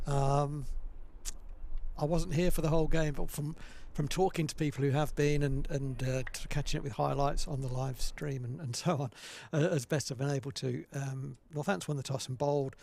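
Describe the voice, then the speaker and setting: A man's voice: on the high side, fairly even intonation, normal speed, vocal fry, darkish tone. A middle-aged man, a retired player giving chatty, wry co-commentary on live cricket. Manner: chatty, wry, musing asides.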